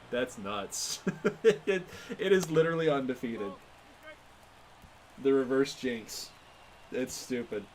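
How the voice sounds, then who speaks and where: A man calls a baseball video game in casual play-by-play, his voice riding up and down as he reacts to every swing. He sits a touch high in pitch and talks at an unhurried, drawn-out pace, breaking into laughs, with a faint hiss behind him. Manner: excitable, laughs often, reacts loudly to plays. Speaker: gaming channel host.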